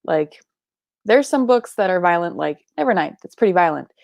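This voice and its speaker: Young woman host, loose chatty delivery with fillers and swearing; creaky tone, dry room. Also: fairly low pitch, lively intonation, moderate pace, darkish tone, dry recording. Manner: chatty, swears casually, many filler likes and ums. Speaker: book club live show host. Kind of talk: casual livestream chat reading comments.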